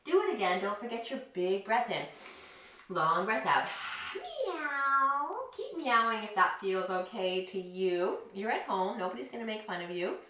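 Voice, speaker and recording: A woman leading a children's yoga story, talking in a gentle, encouraging and playful way. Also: medium pitch, animated, moderate pace. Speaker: kids yoga teacher. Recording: echoey room, distant mic.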